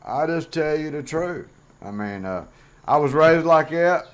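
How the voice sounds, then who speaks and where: Blunt middle-aged guy rambling to camera, no-nonsense, kinda high-pitched. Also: expressive, a little slow, smooth. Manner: blunt, plain-spoken, rambling with fillers. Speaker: vlogger host. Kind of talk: casual monologue to camera.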